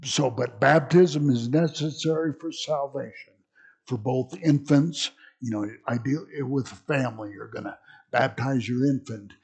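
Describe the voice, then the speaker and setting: A man's voice: medium pitch, unhurried, vocal fry, a little mellow, slightly rough. A man teaching a church history class in a conversational lecture style, full of fillers and restarts.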